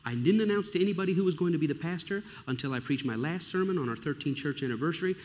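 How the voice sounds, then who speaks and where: A man's voice: fairly high pitch, expressive, rapid-fire. A middle-aged male pastor telling his story in a sermon, with emotional storytelling and acted-out dialogue. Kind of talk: sermon testimony. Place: church or conference hall. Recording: long reverb of a large hall.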